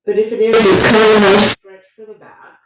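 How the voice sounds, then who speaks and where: A woman teaching a gentle yoga class, talking the students through each pose in a relaxed, conversational way and often checking in with "right?". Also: medium pitch, normal speed, noisy background. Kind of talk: guided yoga instruction. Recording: very echoey room with faint music.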